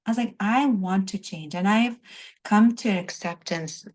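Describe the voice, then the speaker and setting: Speaking at a measured pace with a medium pitch and a darkish tone, a woman shares an earnest, spiritual testimonial as a coaching client in an interview. She's emotional and on the verge of tears, repeating "I was like" frequently.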